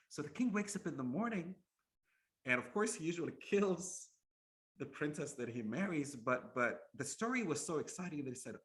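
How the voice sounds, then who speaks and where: A man's voice: a little high, animated, fairly quick, fairly bright tone. A man giving an Islamic lecture as a storytelling tale, posing rhetorical questions and often repeating words as he goes.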